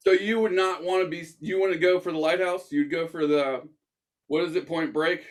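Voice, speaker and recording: A man's voice: a little high, normal speed. A young man hosting a casual podcast, telling a story with lots of swearing and acted-out quotes. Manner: animated, swears, acts out quoted voices. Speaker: podcast host.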